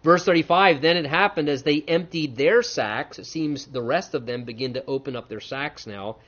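A man preaching an expository sermon, reading scripture and acting out the characters' voices with lively animation. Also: medium pitch. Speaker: pastor. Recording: muffled lo-fi recording.

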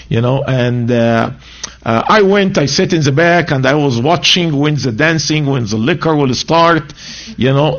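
A man's voice: on the high side, dull audio. Egyptian-born man preaching his testimony. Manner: animated storytelling, broken grammar, voices quotes. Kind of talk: sermon testimony.

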